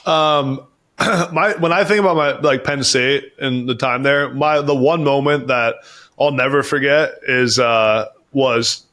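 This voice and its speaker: A podcast guest in his thirties tells stories in casual chat, rambling, restarting sentences often, and repeating phrases. His medium-pitched voice is a bit bright, with fairly even intonation and a measured pace.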